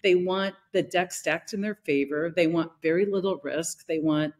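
A middle-aged woman with a somewhat low voice tells a story in a relaxed podcast conversation. She talks animatedly and slips into the voices of the people she quotes. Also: moderate pace. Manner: animated, acts out quoted people in her stories. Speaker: leadership consultant and host.

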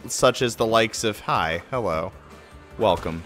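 A man live streaming a game from home, ranting and cursing, swinging between shouts and muttering. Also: mid-range voice, lively intonation, takes it slowly, faint music behind. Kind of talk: profane rant-style game commentary.

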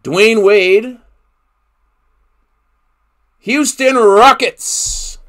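A man's voice: high voice, drawn-out words, fairly bright tone. A man hosting a live card break, calling out each player he pulls and exclaiming over the big hits. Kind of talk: live card-opening commentary.

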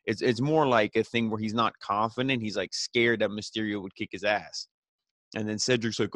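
Young guy rambling and cussing thru a recap, lowish voice, dry close mic. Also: fairly even intonation, moderate pace, a bit bright, dry recording. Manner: rambling, swears freely, many fillers. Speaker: podcast host reviewing wrestling. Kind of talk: casual recap.

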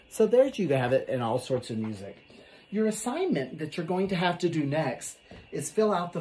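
Woman teacher with a very low, dark voice. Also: reverberant. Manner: chants and sings the rhythms in drawn-out, lively repetitions. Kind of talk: sing-song classroom lesson.

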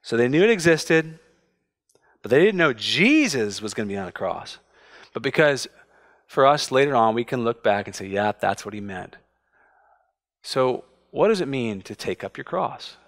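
Animated pastor preaching. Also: male voice, mid-range voice, moderate pace, pauses often. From United States. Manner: animated storytelling, acts out family voices. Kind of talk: sermon. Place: church sanctuary.

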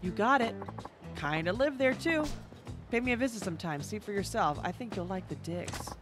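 A woman's voice: medium pitch, animated, normal speed, lightly acted. A woman voicing a tough, brash woman fighter who mocks and bosses people, with game music behind. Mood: gruff. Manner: scornful, swaggering.

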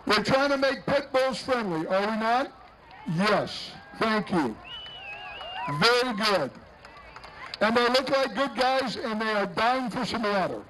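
A man's voice: high voice, animated, slow, pushed and bright, slight background noise, low-quality recording. A man announcing a street parade outdoors, joking and bantering with the people passing by. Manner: jokey, bantering with passing entrants. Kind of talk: live parade commentary.

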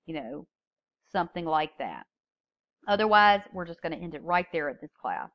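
A woman's voice: sits low, big pitch swings, normal speed, lo-fi sound. A woman teaching a public speaking class, explaining step by step and stressing key words when she reads example openings. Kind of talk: recorded lecture.

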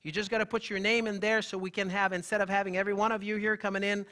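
Speaking at a racing clip in a high register, a male holistic health practitioner gives a lively, emphatic talk in front of a live audience and jokes around with those present.

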